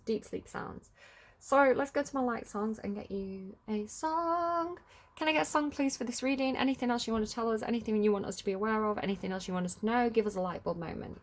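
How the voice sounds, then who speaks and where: A woman giving a casual collective tarot reading, chatty and rambling with many fillers. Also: mid-range voice. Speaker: tarot reader.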